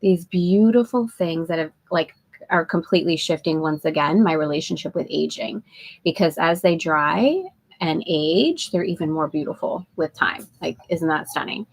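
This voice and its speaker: Breathy, effusive woman chatting live. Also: low-pitched, normal speed, poor audio. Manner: chatty and effusive, laughs often, greets viewers by name. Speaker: host of a live spiritual women's group call. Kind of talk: casual live-stream chat. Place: aboard a sailboat at anchor.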